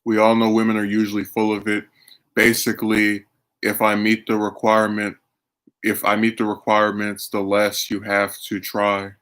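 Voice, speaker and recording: A man's voice: lowish voice, completely flat delivery, normal speed, a bit bright. A man streaming, chatting casually and arguing his opinions while reacting to his chat. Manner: opinionated, argumentative.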